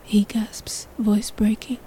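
A woman's voice: medium pitch, flat delivery, slow, warm tone, poor audio. A woman narrating a sensual story in the second person, in a whispered role-play.

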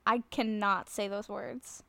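A woman's voice: mid-range voice, fairly even intonation, takes it slowly, gravelly, sharp tone, no echo. A woman in a scripted audio role-play, flustered and self-conscious, often laughing nervously as she talks to the listener. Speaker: nervous woman talking to a friend on the phone.

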